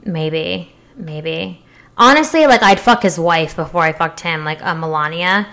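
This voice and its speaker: A woman's voice: fairly low pitch, measured pace, pushed and bright. A young woman co-hosting a casual chat show, talking frankly with lots of fillers and jokes. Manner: chatty, filler-heavy, frank and joking.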